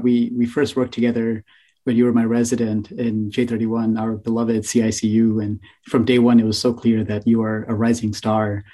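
A male podcast host speaks in a mellow, even voice and thanks his guests with earnest gratitude. His pitch stays level throughout. He talks in a casual, unscripted way. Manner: earnest, grateful, even-toned. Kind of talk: casual interview chat.

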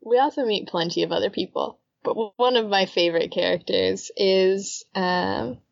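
A woman's voice: mid-range voice, steady tone, moderate pace, gravelly, no room sound, highs cut off. A woman co-hosting a podcast, chatting casually and recapping a story at length, laughing often. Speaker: podcast co-host. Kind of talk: casual chat.

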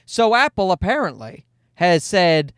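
A man's voice: sits high, sing-song, a little slow, a bit bright, smooth, no room sound, clean studio sound. A man in his thirties hosting a casual solo podcast, telling a story in a profane, self-mocking way. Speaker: podcast host.

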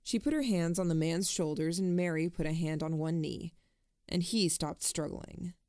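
A woman narrating a first-person story in a measured, introspective way. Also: lowish voice, darkish tone, clear, resonant tone, dry recording, clean studio sound. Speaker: audiobook narrator.

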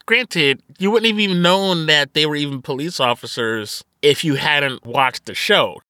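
Man, podcast co-host, casual movie chat, bright voice, dry close sound, swears a lot. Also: a little high, normal speed, dry recording. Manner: swearing, laughing, acts out characters in quotes.

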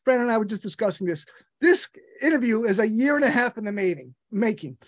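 A man's voice: high voice, big pitch swings, a little fast, dry recording, clean studio sound. A man hosting an interview, enthusiastic and rambling, with many restarts as he introduces his guest. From United States. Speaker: podcast host.

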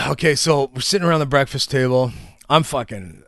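A man's voice: mid-range voice, normal speed, gravelly, no echo, clean studio sound. A man telling wild stories in casual chat, swearing freely and acting out what people said. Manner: profane, animated storyteller, acts out quotes.

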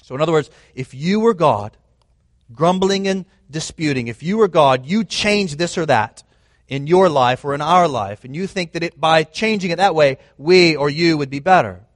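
Guy preaching a sermon, kinda high voice, dry close sound, keeps repeating his points for emphasis. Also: lively intonation, moderate pace, dry recording. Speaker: pastor.

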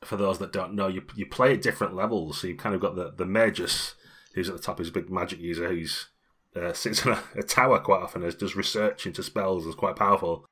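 A man's voice: low-pitched, fairly even intonation, a little fast, sharp tone, husky. A middle-aged British man co-hosting a role-playing podcast, chatting casually and rambling with frequent laughs. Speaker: podcast co-host.

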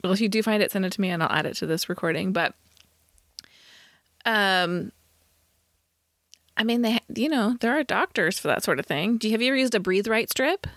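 A woman co-hosting a podcast in casual chat, calm and supportive, giving practical advice. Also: mid-range voice, fairly quick, pauses often, dry recording, studio quality. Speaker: podcast co-host.

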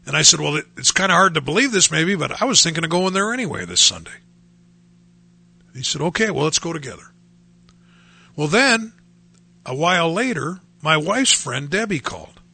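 A man's voice: fairly high pitch, very animated, normal speed, creaky, long pauses, sharp tone, breathy edge. A man telling his personal faith testimony in a conversational way, acting out the voices he quotes. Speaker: speaker sharing his testimony.

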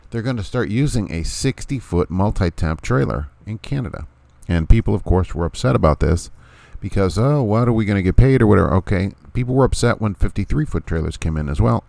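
Blunt, deep-voiced man ranting on a podcast. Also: vocal fry, darkish tone, no room sound. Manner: blunt, sarcastic, repeats points emphatically. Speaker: podcast host. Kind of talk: casual opinion podcast.

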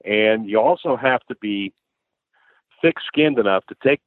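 A lower-pitched man from the American Midwest, a sportscaster telling animated stories with quick restarts. His voice comes over a thin, phone-like line with almost no room sound. He talks casually and easily. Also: no echo. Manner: animated storyteller, frequent restarts and laughs. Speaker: sportscaster guest. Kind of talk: conversational interview storytelling. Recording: dry, phone-like narrow line.

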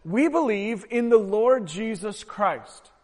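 Pastor guy preaching, really high voice, big echoey church, gets loud on the big lines. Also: expressive, takes it slowly. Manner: emphatic preaching, swells loud on key phrases. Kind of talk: sermon. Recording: long hall reverb.

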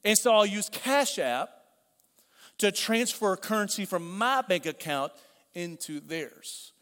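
High-voiced preacher in an echoing hall. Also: male voice, lively intonation, slow pace, fairly bright tone. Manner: conversational preaching with repeated phrases and asides. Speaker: pastor. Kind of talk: sermon. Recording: long hall reverb.

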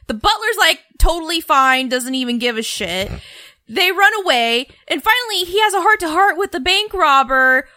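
A woman talks bluntly in a casual podcast chat, exasperated and quick to swear. Her voice is high and bright with a sharp edge, and it sounds dry and close. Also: expressive, dry recording. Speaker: podcast co-host.

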